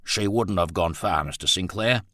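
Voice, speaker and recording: A man's voice: low voice, normal speed, pushed and bright, no echo, clean studio sound. A man voicing an earnest, shaken young male gardener who speaks respectfully.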